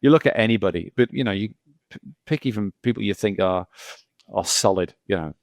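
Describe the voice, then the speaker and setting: A man's voice: on the low side, brisk, vocal fry, dry recording. A middle-aged male geologist talking casually as a podcast guest, rambling through anecdotes with lots of repeats and "you know".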